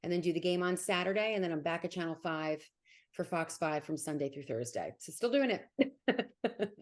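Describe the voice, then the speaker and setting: Fast-talking woman with a New Jersey accent. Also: on the low side, animated. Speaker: sports broadcaster guest. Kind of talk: casual interview.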